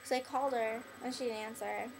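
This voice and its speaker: Crowd noise fills this low-quality recording of a young woman vlogging to camera. Her voice is on the high side, gravelly, steady in tone, and fairly quick. She rambles casually at a former friend, bitter and blunt, dropping "like" into nearly every phrase amid heavy filler.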